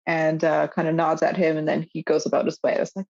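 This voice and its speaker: A young woman co-hosting a podcast, recapping a show in casual, animated chat full of fillers and swearing. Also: low-pitched, fairly quick, few pauses, muffled recording. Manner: animated, swearing, lots of fillers and quoted lines. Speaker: podcast co-host.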